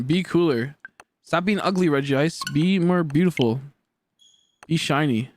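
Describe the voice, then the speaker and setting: A man's voice: fairly high pitch, unhurried, long pauses. A man in his twenties chatting casually on a game live stream, rambling and joking as he answers chat aloud. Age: 20s.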